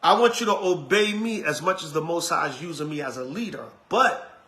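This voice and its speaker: A middle-aged male preacher with a high voice, delivering an emphatic, colloquial sermon. He hammers the same phrases over and over. His tone is bright and forceful. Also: expressive, brisk. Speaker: elder and preacher.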